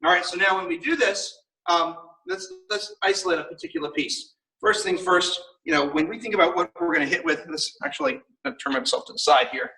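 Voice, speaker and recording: A man's voice: high-pitched, very animated, a little fast, gravelly, pushed and bright, distant mic, poor audio. A man teaching a martial arts class on video, upbeat and coaching as he counts out the kicks.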